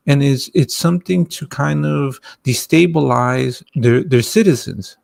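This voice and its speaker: Brief: man with a heavily gravelly voice, halting and restarting. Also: medium pitch, darkish tone, dry recording. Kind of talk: casual chat.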